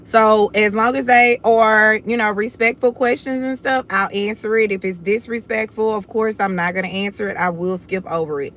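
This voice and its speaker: Hosting her own livestream, this confident young Houston woman talks bluntly and casually, addressing viewers as "y'all" in her Southern accent. She speaks at a moderate pace with hardly any pauses, in a medium-pitched, fairly bright voice with fairly even intonation. There's a little hiss or hum.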